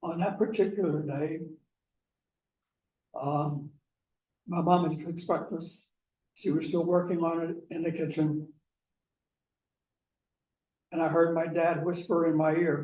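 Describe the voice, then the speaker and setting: Slow, mellow man telling a story. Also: a little high, level tone. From Pennsylvania. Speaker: guest speaker. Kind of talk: personal storytelling talk. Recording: echoey room, mic far off, faint hiss.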